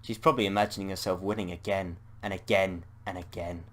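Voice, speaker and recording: British man reading a text adventure game aloud as a gamer, slightly low voice, playful, swears at slips. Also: steady tone, quick pace, fairly bright tone. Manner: playful, swears at slip-ups.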